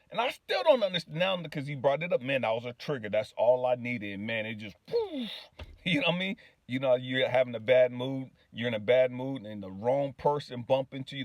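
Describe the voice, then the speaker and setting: A man's voice: medium pitch, dry recording. Dry, close-sounding man telling his story. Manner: casual, often asks "you know what I mean", laughs easily. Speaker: spiritual healing vlogger. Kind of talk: personal storytelling monologue.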